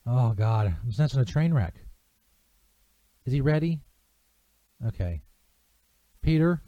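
Laid-back radio host with a dark tone. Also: male voice, mid-range voice, very animated, takes it slowly, no room sound, highs cut off. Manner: laughing, exasperated, casual swearing. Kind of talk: live comedy radio banter. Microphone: studio microphone.

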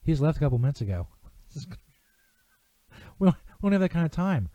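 Male radio host, dark, mellow voice, dry and slightly dull studio sound, casual profanity. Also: on the high side, sing-song, brisk, no echo. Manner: laughing, exasperated, casual swearing. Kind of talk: live comedy radio banter. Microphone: studio microphone.

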